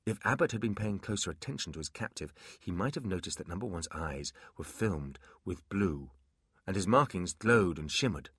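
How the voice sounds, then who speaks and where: A man narrating a fantasy audiobook in an expressive storytelling manner. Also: deep voice, moderate pace, breathy edge, dry recording, clean studio sound.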